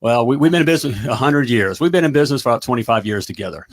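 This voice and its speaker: A middle-aged man hosting a live talk show, giving an energetic pep talk and checking in often with "all right?". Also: mid-range voice, very fast. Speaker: talk show host and plumbing business coach.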